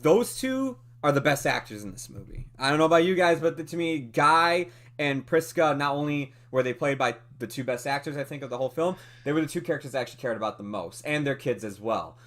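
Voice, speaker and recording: A man co-hosting a movie podcast, talking through a film review in a casual, animated way with lots of fillers and laughs. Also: fairly high pitch, a little fast, few pauses. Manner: animated, chatty, many fillers, laughs often.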